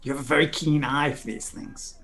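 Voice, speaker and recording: A man's voice: fairly high pitch, fairly even intonation, a little fast, fairly bright tone. A man in casual chat during a tabletop game, making dry, wry remarks. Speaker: player. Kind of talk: casual tabletop role-play.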